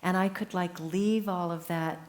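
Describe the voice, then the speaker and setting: Animated woman in her seventies. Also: fairly low pitch, a little slow. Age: 70s. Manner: animated storyteller who acts out quoted voices. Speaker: memoir author, interview guest. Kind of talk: casual onstage conversation. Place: live talk event on stage.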